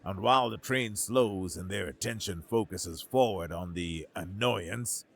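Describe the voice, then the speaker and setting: A quiet, commanding human tactician, as a male narrator plays him in a sci-fi audio story. The voice sits fairly low and delivers firm orders in a measured, even manner. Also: gravelly, exaggerated voice.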